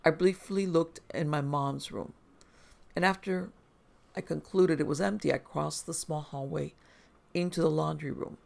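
A narrator reading first-person horror stories aloud in a steady, measured way, as scripted storytelling. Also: medium pitch, creaky.

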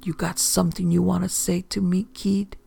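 A man's voice: sits high, little pitch movement, normal speed, creaky, warm tone, breathy edge, no echo, pitched above the performer's own voice, full character voice. A man voicing a menacing, profane male drug dealer in an audiobook story. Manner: profane, threatening.

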